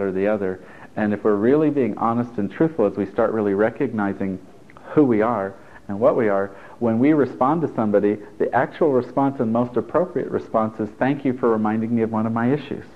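A man's voice: fairly low pitch, brisk. Man teaching a workshop, tinny lo-fi recording. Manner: chatty and encouraging, with joking asides. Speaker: therapist leading a workshop. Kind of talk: live workshop talk to a group. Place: stuffy indoor room with an audience.

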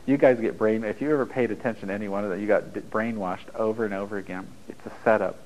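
A man's voice: on the low side, steady tone, fast talker, darkish tone, low-quality recording. A man giving a blunt, storytelling talk to a live audience, acting out dialogue as he goes, over a radio broadcast. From United States. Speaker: relationship speaker.

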